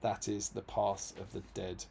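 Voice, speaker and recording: A man's voice: on the low side, flat delivery, unhurried, gravelly, warm tone, breathy edge, voice pushed down, full character voice. A man reading as a grave, weary king. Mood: solemn. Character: grave weary human king, male, adult.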